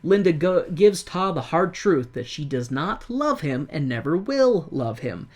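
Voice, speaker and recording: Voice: mid-range voice, measured pace. A podcast co-host in casual chat, recapping a stage musical in a loose, rambling way and acting out the characters' lines along the way. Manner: animated retelling that acts out characters' lines; loose, rambling delivery with many likes and restarts.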